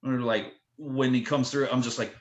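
A man telling wild stories in a casual podcast interview, animated and full of "like" fillers. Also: mid-range voice, normal speed, lo-fi sound. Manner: animated, lots of "like" fillers, acts out quotes. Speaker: guest telling tour stories. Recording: roomy echo.

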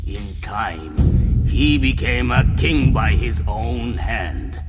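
Grave old storyteller of legends. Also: male voice, mid-range voice, expressive. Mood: solemn. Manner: slow, grave, deliberate. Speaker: film narrator. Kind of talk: solemn epic narration. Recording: film clip with loud music. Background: loud orchestral score.

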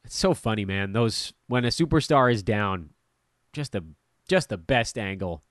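A man hosting a fantasy basketball podcast, talking casually in an animated, rambling, blunt and jokey way. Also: lowish voice, moderate pace, no echo, clean studio sound. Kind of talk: casual podcast talk with sponsor promo.

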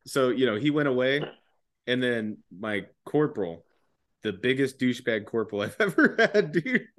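A man's voice: medium pitch, no room sound. A young man, a former soldier, telling a casual profane story on a podcast with frequent laughs and swearing. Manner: laid-back, laughing often, heavy swearing.

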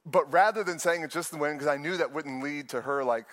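Animated young pastor preaching. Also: male voice, fairly high pitch, fast, hardly any pauses, long reverb tail. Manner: animated storytelling with playful asides. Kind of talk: sermon.

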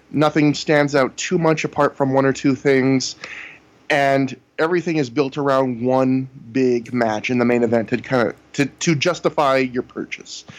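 A man in casual podcast conversation, walking through events in long recaps. His pitch sits in the middle range, and he leans on "you know" as he goes. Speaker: podcast co-host reviewing wrestling shows. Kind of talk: casual chat.

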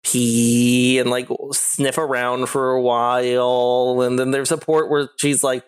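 A man serves as game master, narrating a tabletop game in a smooth, flat, medium-pitched voice at a slow pace. He rambles with lots of "like" and giggles frequently.

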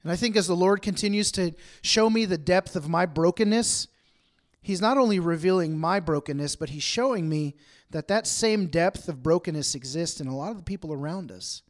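Brief: male pastor, light higher voice, casual sermon to a congregation, acts out everyday exchanges. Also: moderate pace. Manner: chatty, acts out everyday dialogue in asides. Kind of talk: conversational sermon. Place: room with a congregation.

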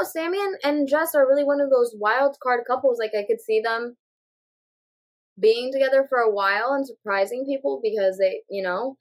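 Podcast co-host, woman, slightly high voice, thoughtful casual chat full of fillers. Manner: thoughtful, reasoning aloud with many fillers.

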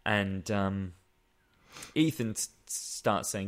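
Sarcastic man, lowish voice. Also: unhurried. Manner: sarcastic, exasperated, swearing. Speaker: podcast co-host. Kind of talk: casual comedic film review chat.

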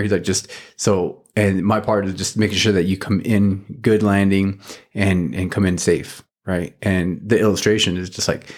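Low-voiced man hosting a faith podcast. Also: little pitch movement, moderate pace, darkish tone. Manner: rambling, with many fillers and restarts. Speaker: podcast host. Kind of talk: casual faith podcast chat.

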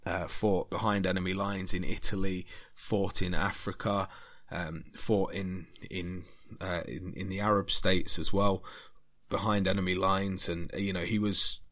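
Man, very low voice, podcast host, earnest rambling history talk. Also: a little slow. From Britain. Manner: earnest, rambling, grows more animated.

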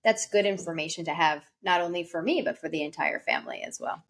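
A woman's voice: lowish voice, fast, gravelly, breathy edge. A woman co-hosting a podcast in casual chat, joking and poking fun at herself. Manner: joking, self-deprecating. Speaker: podcast co-host.

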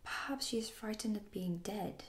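A woman's voice: mid-range voice, normal speed, natural voice. A woman voicing a proud, commanding boy leader in a whispered role-play. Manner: whispered, hushed.

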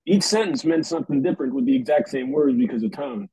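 A man's voice: medium pitch, expressive, fast, dark tone, breathy edge, dry recording, poor audio. A man joining a podcast discussion as a guest, explaining his points with examples. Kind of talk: casual group discussion.

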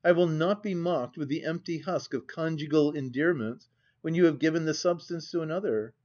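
A man reading the part of a wronged young wife, speaking in a cold, measured, dignified way. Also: a little high, darkish tone, lo-fi sound, lightly acted. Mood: resolute.

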